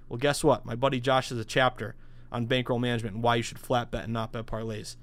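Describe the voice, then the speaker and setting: A man in his thirties hosting a sports betting podcast alone, talking in a hyped, salesy rush with sudden loud bursts. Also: mid-range voice, level tone, no echo. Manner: hyped, salesy, rapid-fire with bursts of shouting. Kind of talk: solo podcast monologue.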